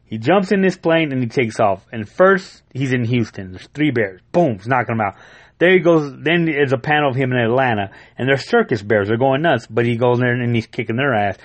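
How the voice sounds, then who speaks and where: A man retelling a comic book in loose, rambling chat, swearing freely and getting worked up as he goes. His voice sits in an ordinary middle pitch and sounds close and dry, with no room echo. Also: fairly quick. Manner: rambling, profane and excitable, often laughing. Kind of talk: casual chat.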